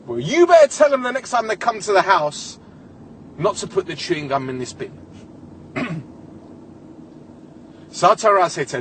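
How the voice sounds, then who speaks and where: A young man rants through a comic story as a solo podcast host, swearing freely and sounding exasperated. His voice sits high and swings widely in pitch as he talks. A faint noise hums in the background. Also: big pitch swings, moderate pace, long pauses, fairly bright tone.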